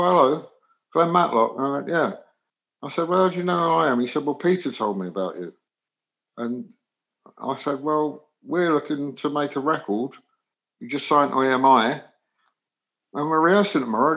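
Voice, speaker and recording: A man from England, a guest musician in his sixties, telling animated anecdotes in an interview. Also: mid-range voice, low-quality recording. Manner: animated anecdotes, acts out dialogue. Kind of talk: storytelling interview.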